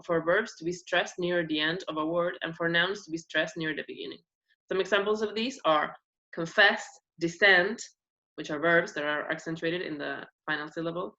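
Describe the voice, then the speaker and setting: A woman with a fairly low but bright voice explains points of phonetics in a class presentation, often pausing on "uh" fillers. The recording sounds dull and lo-fi.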